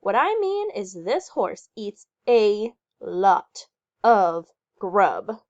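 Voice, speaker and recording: On a muffled, lo-fi recording, a woman reads aloud at medium pitch, very animated and drawing out her words. She voices a bossy, folksy middle-aged horse owner who fusses, lectures, and talks in country phrasing.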